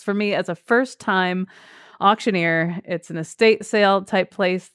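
A woman radio host interviewing a guest in lively casual chat, laughing often. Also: medium pitch, clean tone, dry recording, studio quality.

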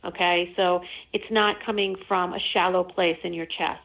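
An earnest woman talking as a phone-in guest about faith, with plenty of "you know"s and repeated phrases. Her voice comes through a thin, tinny phone line at a middling pitch. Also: fairly even intonation, moderate pace, few pauses. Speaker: author and spiritual guest. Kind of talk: radio interview over the phone.

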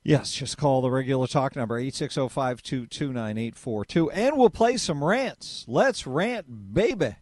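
Animated male talk radio host. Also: medium pitch, measured pace, few pauses, no echo, studio quality. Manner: emphatic, animated and opinionated. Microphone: studio microphone.

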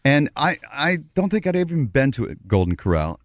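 A middle-aged man tells a story on a talk show, acting out each quote in a lively voice that swings high and low. His pitch sits in an ordinary middle range. The recording is dry and close. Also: brisk, no echo. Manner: animated storyteller, acts out quotes. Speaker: radio show host.

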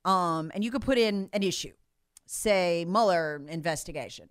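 A woman's voice: fairly low pitch, moderate pace, smooth, no echo. Brief: woman commentator, emphatic and insistent, dry close recording. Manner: emphatic, repeats points, acts out others' voices. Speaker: political commentator guest. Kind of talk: animated political talk.

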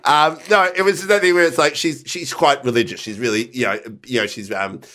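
A man's voice: mid-range voice, steady tone, brisk, pushed and bright. A man, co-hosting a podcast, telling stories animatedly in casual chat and giggling mid-sentence. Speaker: podcast co-host.

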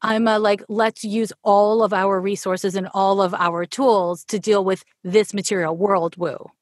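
A woman's voice: medium pitch, steady tone, a little slow, dry recording, clean studio sound. A woman from Canada with a Canadian accent, chatting casually as an interview guest and laughing often. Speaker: podcast guest, astrologer.

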